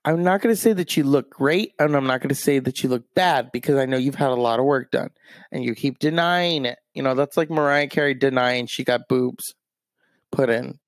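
A man's voice: mid-range voice, fairly quick, no echo. A man hosting a show, ranting in a crude, rambling, self-mocking comic way. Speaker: show host. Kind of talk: comedic rant.

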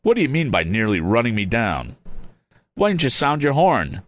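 A man's voice: mid-range voice, big pitch swings, normal speed, no room sound, voice pushed up, close to an everyday voice. A man doing a plucky teenage hero. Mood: indignant. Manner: spirited, indignant.

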